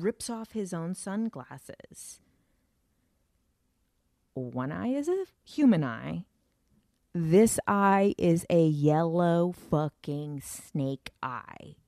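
Slow, low-voiced woman telling a story. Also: mellow, dry recording, studio quality. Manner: filler-heavy, swears, vivid retelling. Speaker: storyteller recounting an encounter. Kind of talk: casual storytelling.

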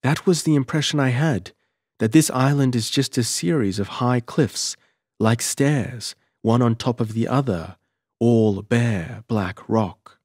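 A man's voice: mid-range voice, measured pace, darkish tone, dry recording, studio quality, pitched above the performer's own voice, lightly acted. A man voicing an uneasy young woman haunted by dread, speaking anxiously and hesitantly in an audiobook.

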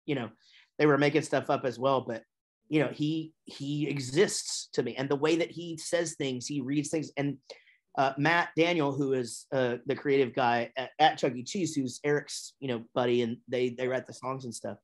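A middle-aged man, a musician and voice actor, chatting as a podcast guest in a lively, rambling way. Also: normal speed. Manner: chatty and animated, with big pitch swings when telling stories. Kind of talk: casual interview chat.

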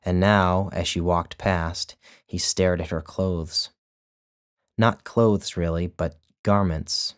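A man narrating his own short story in a measured, deliberate storytelling manner. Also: low voice, steady tone, clean tone. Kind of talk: scripted narration.

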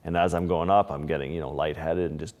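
A middle-aged man with a low voice tells a story in an interview, circling back and restarting his sentences as he goes. The sound carries a long hall reverb. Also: steady tone, a little mellow. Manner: vivid, halting storytelling with restarts. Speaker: interview guest, wildlife photographer.

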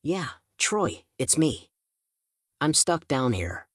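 A man voicing a panicked, fed-up teenage girl in an audiobook, pleading and shouting up from below. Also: fairly high pitch, very animated, slow pace, no echo, studio quality, heavily acted. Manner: pleading then exasperated shouting. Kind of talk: audiobook character voice.

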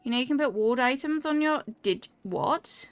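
A woman's voice: sits high, lively intonation, moderate pace, soft background music. A young woman streaming a cozy game, chatting casually and reacting aloud to what happens on screen while answering her chat.

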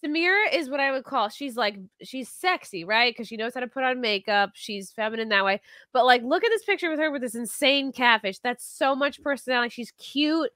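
A chatty woman in podcast banter with a bright, forceful tone and a slightly high pitch. Her voice sounds dry and close, with no room. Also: expressive, a little fast, no room sound. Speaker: podcast co-host. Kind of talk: casual podcast chat.

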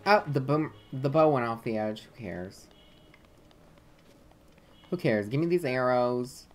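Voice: mid-range voice, normal speed, soft background music. A let's play gamer giving casual gameplay commentary, swearing often and muttering irritably at the game.

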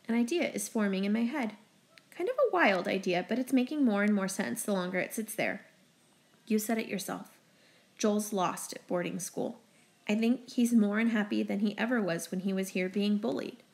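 Woman reading a teen audiobook out loud, first person, brisk and expressive. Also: medium pitch. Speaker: audiobook narrator.

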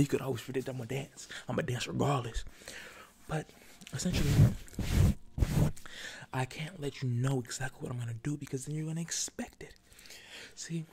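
A man's voice: mid-range voice, a little mellow. A man rambling chaotically in whispered ASMR, joking and jumping between whispers and spoken talk, close to the mic at home. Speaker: ASMR creator. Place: at home, sitting before a camera. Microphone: ASMR microphone, close.

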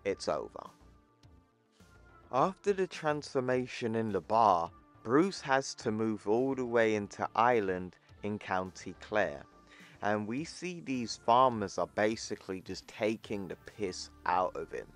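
A man casually recapping a comic book, with excitable, profane commentary. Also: fairly low pitch, a little slow, faint music behind.

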